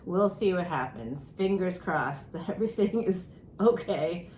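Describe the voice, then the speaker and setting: A woman's voice: animated, measured pace, a little mellow. Middle-aged woman tarot reader, breathless, chatty and self-deprecating, echoey room. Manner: chatty, self-mocking, with frequent laughs. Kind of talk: casual chatty monologue. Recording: roomy echo with faint rumble.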